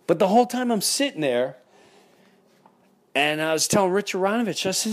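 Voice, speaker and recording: A middle-aged man, hosting a podcast and telling a story in an excitable way, breaking into loud impressions. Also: sits high, fairly quick. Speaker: podcast host. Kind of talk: animated storytelling.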